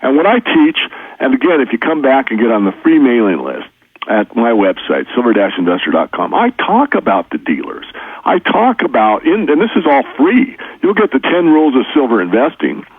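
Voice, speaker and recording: A man's voice: medium pitch, very animated, normal speed, slightly rough, dry recording. A man talking as an interview guest in a casual, earnest, folksy way, repeating his practical points. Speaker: precious metals educator, guest. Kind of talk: casual explanatory interview talk. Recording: tinny phone line.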